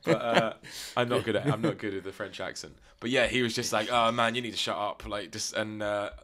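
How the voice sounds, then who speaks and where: A man's voice: fairly low pitch, fairly even intonation, a little fast, sharp tone. A young man co-hosting a podcast, telling a long rambling story full of fillers and casual swearing. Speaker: podcast co-host. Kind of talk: casual chat.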